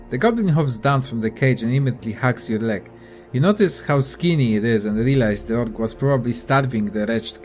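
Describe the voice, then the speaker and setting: A man's voice: mid-range voice, animated, a little fast, darkish tone, soft background music. A young man casually commenting on a video game and reading its text aloud, offhand and profane. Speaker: let's play gamer.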